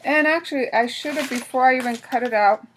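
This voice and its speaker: A woman's voice: high voice, brisk, a little hiss or hum. Casual woman demonstrating a craft. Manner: casual, talks while working, frequent restarts. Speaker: craft tutorial host.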